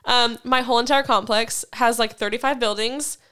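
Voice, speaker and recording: A woman's voice: on the high side, clear, resonant tone. A woman in her twenties, a podcast co-host, telling a story in a casual chat, swearing freely and laughing as she goes. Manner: profane, animated storytelling with quick laughs.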